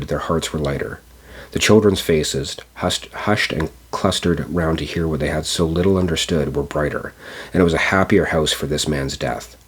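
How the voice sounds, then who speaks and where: A man narrating a classic storybook aloud, measured, with small stumbles. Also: very deep voice, breathy edge. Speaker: audiobook narrator. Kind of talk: storybook reading.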